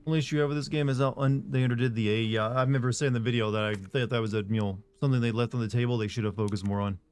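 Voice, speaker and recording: A relaxed young man chats loosely while streaming a game, filling his thoughts with lots of "uh"s and "you know"s. His voice sits at an ordinary middle pitch. A faint hiss stays underneath. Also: very fast. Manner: rambling, relaxed, frequent fillers. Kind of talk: casual live-stream chat.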